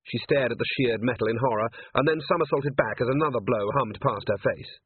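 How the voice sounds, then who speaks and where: A man narrating an audiobook in a lively, expressive manner. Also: medium pitch, fairly quick, slightly rough. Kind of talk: audiobook reading. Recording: tinny phone-like sound, dry.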